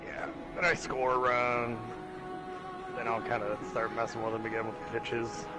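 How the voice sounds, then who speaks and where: A man's voice: medium pitch, level tone, moderate pace. Easygoing guy chatting, laughs a lot, music going in the background. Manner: laid-back, laughs easily. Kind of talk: casual chat while gaming.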